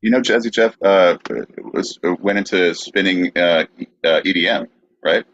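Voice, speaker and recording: A man's voice: sits low, moderate pace, fairly bright tone. A man hosting a podcast, laid-back and a little hesitant as he reads out a game. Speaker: podcast host. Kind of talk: casual podcast banter. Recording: dry dull husky sound.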